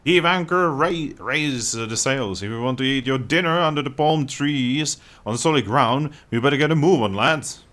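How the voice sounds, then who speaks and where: A man's voice: mid-range voice, normal speed, hardly any pauses, a bit bright, pitched above the performer's own voice, natural voice. A man voicing a hearty young pirate captain giving orders in a video game. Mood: boisterous.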